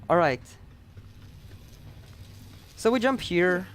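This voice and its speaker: A man's voice: high-pitched, animated, extremely slow, faint music behind. A man with a Dutch accent giving chatty, upbeat live commentary on his own speedrun, explaining as he plays.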